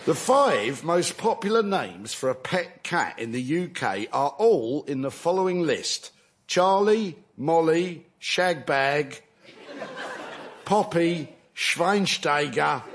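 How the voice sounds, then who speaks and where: Male comic panellist, fairly high and very animated pitch, deadpan delivery, slight noise. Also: slow. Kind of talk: comic storytelling on a panel show.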